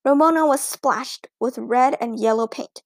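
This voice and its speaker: High-voiced woman narrating a children's book. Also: measured pace, no echo. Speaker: audiobook narrator. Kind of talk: storybook narration.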